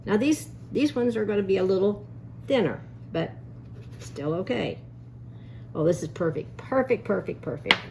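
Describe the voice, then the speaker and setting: A woman hosts a relaxed home cooking demonstration, talking viewers through each step. She is chatty and folksy and drifts into family stories as she works. Her voice sits in a middle register, and faint room ambience hums in the background. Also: medium pitch, moderate pace, vocal fry, pauses often, background noise. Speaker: cooking show host.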